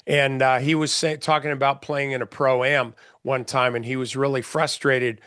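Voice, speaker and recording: A man's voice: mid-range voice, level tone, moderate pace, fairly bright tone, clear, resonant tone, no echo, studio quality. A middle-aged man, a trading mentor, giving blunt, folksy market commentary in a casual session, with many fillers and restarts.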